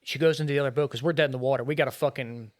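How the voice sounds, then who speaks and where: A middle-aged firefighter and police officer telling a painful rescue story in a podcast interview, blunt and full of swearing. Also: male voice, medium pitch, steady tone, very fast. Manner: blunt and profane, heavy swearing and filler words.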